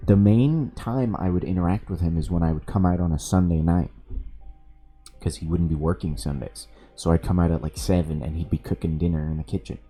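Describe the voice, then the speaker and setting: A man's voice: sits low, fairly quick, mellow, soft background music. A male streamer casually telling a story while gaming, profane, sardonic and amused.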